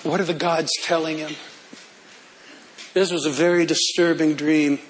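High-voiced, animated male preacher. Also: a little slow, slight background noise. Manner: animated, humorous storytelling. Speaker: pastor. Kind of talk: sermon.

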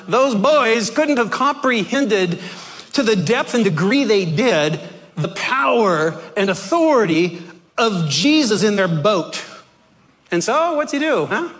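A man preaching a sermon in a lively, conversational way, often laughing and acting out quoted shouts. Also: high-pitched. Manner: animated, acts out disciples' shouts.

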